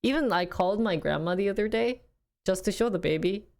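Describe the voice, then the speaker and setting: A young woman chatting casually on a livestream, rambling with frequent laughs and a voice going a little hoarse. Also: medium pitch, a little fast. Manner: chatty, rambling, laughs often, quotes family in lively bursts. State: losing her voice. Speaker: streamer.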